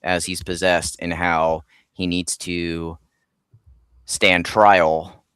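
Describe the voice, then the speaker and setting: A man with a lowish, smooth, clear voice talks as a guest in a casual interview. He rambles along with lots of ums and restarts. The sound is dry and close. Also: level tone, extremely slow, fairly bright tone, no echo. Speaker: comic creator guest.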